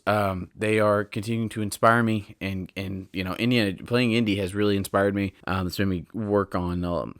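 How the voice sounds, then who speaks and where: A tired man hosting his own podcast in a casual, rambling way, often breaking off mid-sentence and then rushing ahead in sudden bursts. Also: fairly low pitch, no echo, studio quality. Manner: rambling, self-interrupting, with bursts of hurried excitement. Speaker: podcast host. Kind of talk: casual solo podcast talk. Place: at home on a couch.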